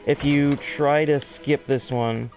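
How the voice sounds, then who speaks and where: A man's voice: medium pitch, steady tone, slow, darkish tone, faint music behind. A man giving chatty, self-deprecating commentary during a game speedrun, often restarting his sentences. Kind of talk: casual gameplay commentary.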